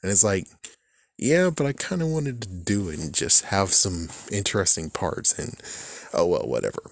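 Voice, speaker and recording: A young man talking casually about a movie he watched, animated and loose, swearing often and laughing at his own jokes. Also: sits low, moderate pace, vocal fry, no room sound, studio quality. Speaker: movie commentary vlogger. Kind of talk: casual rambling movie talk.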